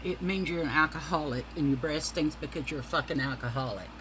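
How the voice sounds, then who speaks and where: A woman's voice: low voice, quick pace, background noise. A middle-aged woman, telling rambling, profane stories in a casual monologue and calling her listeners y'all.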